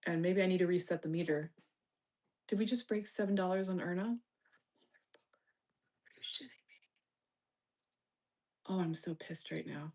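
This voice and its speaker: A woman's voice: on the low side, steady tone, normal speed, pauses often, darkish tone. A woman hosting a casual live stream, reading chat with teasing, bossy remarks and swearing while distracted and muttering to herself. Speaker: livestream host reading chat.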